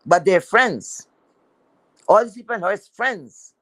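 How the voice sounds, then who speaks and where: Woman streamer, mid-pitched, cursing and scolding her viewers, close and dry sound. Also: animated, takes it slowly, fairly bright tone, dry recording, poor audio. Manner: blunt, profane, scolding. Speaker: livestream commentator. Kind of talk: heated commentary rant.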